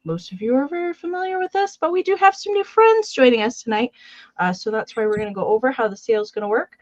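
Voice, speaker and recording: A woman's voice: a little high, expressive, fast. Chatty woman host on muffled stream audio. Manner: chatty, greets viewers by name; explains steps plainly with many fillers. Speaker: co-host of a live vintage sale. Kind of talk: casual live-stream chat.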